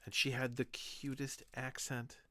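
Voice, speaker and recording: A man's voice: mid-range voice, a little slow, no echo, studio quality. A man co-hosting a podcast, with no accent, chatting casually and telling stories with a laugh. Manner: animated storytelling, laughs often.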